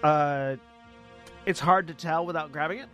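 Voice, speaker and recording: Give me a laid-back man as game master, a bit high-voiced, faint music behind. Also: moderate pace, sharp tone. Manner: laid-back, plain-spoken rulings. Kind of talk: narrating a tabletop game.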